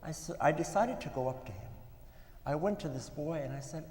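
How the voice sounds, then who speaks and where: Guy preaching in a big echoey hall, bit high voice, earnest storytelling. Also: animated, a little mellow. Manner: earnest, storytelling with pauses, some restarts. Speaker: speaker at a religious gathering. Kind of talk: sermon storytelling. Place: mosque hall. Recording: echoey hall with long reverb.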